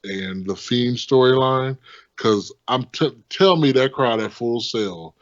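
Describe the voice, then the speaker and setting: A man's voice: medium pitch, slow pace, dry recording, muffled recording. A man co-hosting a casual wrestling podcast, blunt and opinionated, swearing casually. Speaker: podcast co-host.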